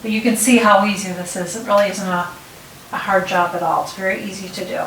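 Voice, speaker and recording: A middle-aged woman hosts a relaxed hands-on tutorial, chatting as she works and often pausing to check in. Her voice sounds set back from the mic in a roomy space. A faint hiss sits under it. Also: medium pitch, distant mic. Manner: chatty, talks while working, frequent restarts and "okay?" check-ins. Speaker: DIY tutorial host. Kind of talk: casual step-by-step demonstration.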